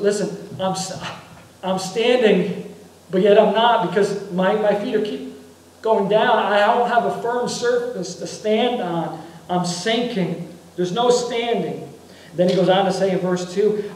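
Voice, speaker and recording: A man's voice: on the high side, a little mellow, very echoey, recorded from a distance, low-quality recording. A man preaching a sermon as pastor, earnest, repeating and restarting his phrases as he builds his points. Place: church sanctuary.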